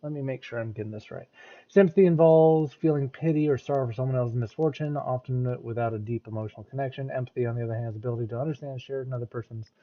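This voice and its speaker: A man's voice: mid-range voice, fast talker, highs cut off. An American man giving casual reaction commentary, often restarting and repeating words as he thinks aloud. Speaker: reaction streamer.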